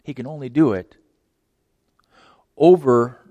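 A man's voice: mid-range voice, expressive, measured pace, no room sound, highs cut off. Emphatic preacher, man, dry close voice. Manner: emphatic, repeats words, many rhetorical questions. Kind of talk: sermon.

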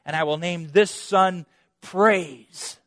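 A man's voice: high-pitched, slow pace, fairly bright tone, no echo, clean studio sound. A preacher voicing a grateful young woman. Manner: relieved, heartfelt.

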